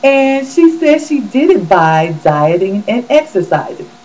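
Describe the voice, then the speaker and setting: A woman hosts her own gossip vlog in a mellow, warm-toned voice. Her pitch jumps around with animated, sassy swings as she chats straight to viewers. The audio is dull and lo-fi. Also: measured pace, a little hiss or hum. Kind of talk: casual celebrity gossip chat.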